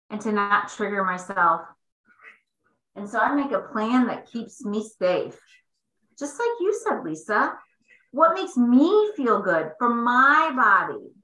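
A bright, clear-toned woman talks in a faith-based coaching style. She is lively and emphatic, slipping into hushed asides, and her voice rings in an echoey room. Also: mid-range voice. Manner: expressive, swings between emphatic and hushed asides.

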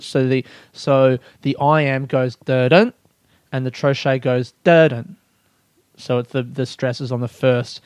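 In a dry, clean studio recording, a young podcast host talks alone in a rambling, casual way, cursing and poking fun at himself with frequent laughter. His medium-pitched voice has a darkish, clear and resonant tone.

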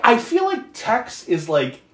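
Animated, swearing podcast host in an echoey room. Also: takes it slowly. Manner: animated, profane, laughing, with sudden pitch jumps. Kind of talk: casual movie recap chat. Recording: roomy echo.

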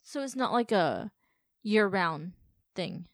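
A woman co-hosting a podcast in casual chat, reacting quickly with teasing asides. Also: medium pitch, lively intonation, no room sound, studio quality. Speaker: podcast co-host.

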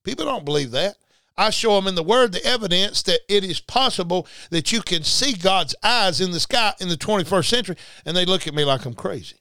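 Male preacher, clear, smooth high voice; emphatic, repeats himself, addresses the audience directly. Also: lively intonation, fairly quick, sharp tone, no room sound. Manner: emphatic and repetitive, talking straight to listeners. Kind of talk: livestreamed sermon.

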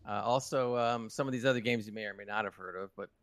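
A man's voice: on the low side, fast talker, dry recording. A British man co-hosting a gaming podcast, rambling through the week's game news with restarts. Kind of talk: casual chat.

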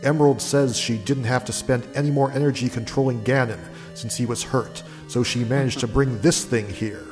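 Storybook hero sidekick, alarmed, explaining fast, read by a man. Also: mid-range voice, fairly even intonation, big-room sound, music in the background, lightly acted. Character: breathless hero teammate reporting trouble.

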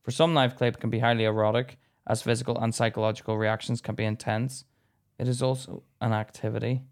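A young British man co-hosting a podcast in casual chat, joking, laughing often and reading aloud haltingly. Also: medium pitch, flat delivery. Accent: British English. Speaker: podcast co-host.

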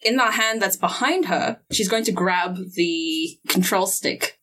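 A woman's voice: medium pitch, unhurried, bright, forceful tone, poor audio. A woman playing a tabletop role-playing game, switching between narrating her character and sly, playful haggling. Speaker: player.

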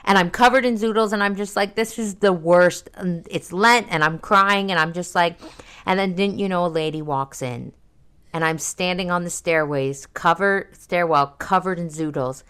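A young adult woman, casually chatting as co-host and telling stories in an animated way, with quick asides and high leaps in pitch when she quotes herself. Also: clean tone. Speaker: podcast co-host, daughter of the other host. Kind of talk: casual chat.

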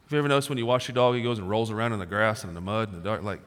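Man preaching, casual slangy pastor, forty-something, bright voice, long hall reverb. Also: on the low side, fairly even intonation, rapid-fire. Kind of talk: sermon. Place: large church auditorium.

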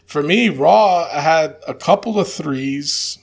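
A man co-hosting a loose chat show, with a voice that sits high and has a gravelly edge. He stumbles through fillers and restarts, then delivers blunt, dry verdicts. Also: expressive, takes it slowly. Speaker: podcast co-host. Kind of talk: casual chat.

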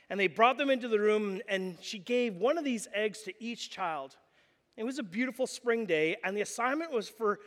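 A man preaching an animated, jokey sermon and telling a story to the congregation. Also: high-pitched, big-room sound. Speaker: pastor.

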